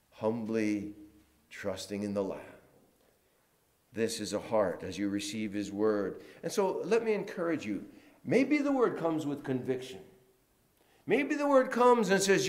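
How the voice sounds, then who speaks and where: A man preaching a sermon in a church, moving between loud emphatic lines and quiet, hushed ones. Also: on the low side. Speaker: pastor.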